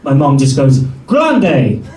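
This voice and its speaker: A man in his thirties doing a stand-up set, telling stories wryly with pauses before the punchlines. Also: a little high, lively intonation, a loud crowd, very noisy. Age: 30s. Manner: wry storytelling with punchline pauses. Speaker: stand-up comedian. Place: comedy club stage. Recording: roomy club sound from a distance.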